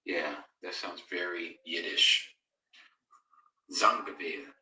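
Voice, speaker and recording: A man leads a live-streamed Bible fellowship in an echoey room, his voice distant from the mic. He's unhurried, with a low, steady voice that sounds bright and forceful, as he chats casually, reads scripture, and reads out and conversationally answers viewer comments.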